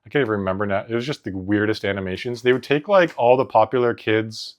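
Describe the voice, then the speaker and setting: A man co-hosting a casual podcast, joking around and talking in quick, loose asides. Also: fairly low pitch. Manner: goofy, jokey, quick asides with frequent laughter. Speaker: podcast co-host. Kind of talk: casual chat.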